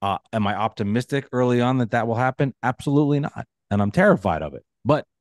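A man co-hosting a sports podcast, speaking in halting bursts with repeated restarts and a wry edge. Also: mid-range voice, animated, no echo. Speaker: podcast co-host, Nets fan. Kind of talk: casual sports chat.

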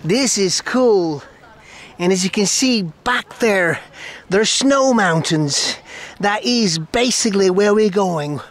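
Slow-talking Swiss man vlogging outdoors. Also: sits high. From Switzerland. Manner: relaxed, musing, drops to a whisper now and then. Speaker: travel vlogger. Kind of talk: casual walking vlog. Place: outdoors by a lake and inside an old church.

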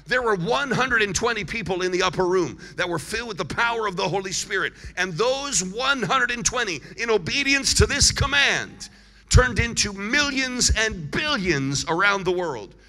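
A man preaches a lively sermon, leading the congregation in call-and-response and stretching out his emphatic lines. His voice sits high and has a keen, bright edge. The sound carries a long reverb from a large church hall. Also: moderate pace. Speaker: guest evangelist preacher.

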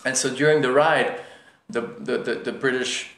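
A man's voice: medium pitch, normal speed. Casual male lecturer with a mid-range voice who acts out his stories, echoey room. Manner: storytelling, animated voices for characters. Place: lecture room at a yoga center.

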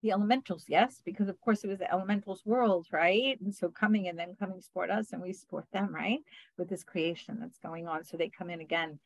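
A woman, a spiritual channeler, speaking softly and earnestly on a group video call, often ending phrases with "right?". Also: fairly low pitch, fairly quick, dry recording, low-quality recording.

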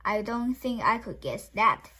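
A woman voicing a gentle, loving father hare in a storybook read-aloud, warm and soothing. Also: medium pitch, very animated, measured pace, slightly rough, full character voice. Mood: tender.

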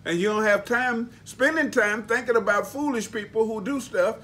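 A man's voice: high-pitched, normal speed, pushed and bright. A man preaching a sermon, emphatic and folksy, spelling out words for emphasis. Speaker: pastor.

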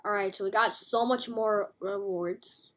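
A woman's voice: medium pitch, fairly even intonation, unhurried, a bit bright. A woman giving casual, playful, chatty commentary while playing a video game, full of slang. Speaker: game streamer.

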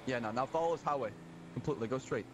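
A man quickly calling out directions in role-play, often repeating his words. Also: mid-range voice. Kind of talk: crime role-play, navigating. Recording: audible background noise.

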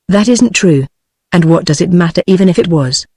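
Synthetic British woman reading a soft insistent young man. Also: lowish voice, expressive, brisk, slightly rough, no echo, studio quality. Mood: softly insistent. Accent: British English. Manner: softly insistent, repeating himself.

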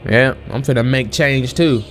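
A man hosting a let's play, excitable and slangy, exclaiming at the game as he plays. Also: mid-range voice, normal speed. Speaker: gaming channel host. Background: game music and sound effects.

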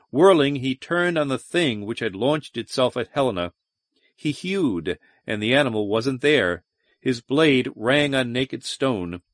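A man narrates an adventure audiobook at a measured, deliberate pace. His pitch sits in an ordinary middle range. The recording is close and completely dry. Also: no room sound. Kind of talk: scripted narration.

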